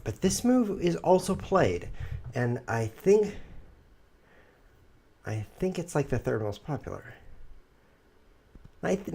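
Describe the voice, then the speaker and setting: Husky man thinking aloud over chess. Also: mid-range voice, a little mellow. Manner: rambling, playful, thinking aloud. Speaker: chess streamer. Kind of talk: live chess commentary.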